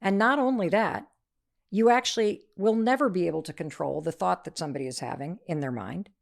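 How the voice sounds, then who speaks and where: Energetic gravelly-voiced middle-aged woman. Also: fairly low pitch, fairly quick. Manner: energetic, acts out quoted voices. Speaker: author and podcast guest. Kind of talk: animated storytelling in an interview.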